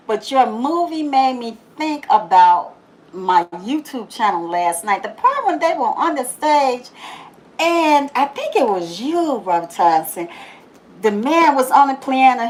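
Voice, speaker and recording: A woman hosting a daily positive-message video, talking casually, laughing often and repeating phrases for emphasis, then softening into slow prayer. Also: high voice, low-quality recording. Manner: drops to a soft, slow prayerful tone. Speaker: YouTube host giving a daily positive message. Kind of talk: casual inspirational monologue.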